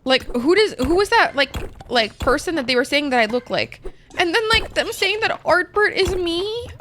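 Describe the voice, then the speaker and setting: A woman's voice: extremely high pitch, big pitch swings, moderate pace, a bit bright, a little hiss or hum. A woman streamer chatting casually while gaming, rambling and emotional, with lots of "like" and swearing.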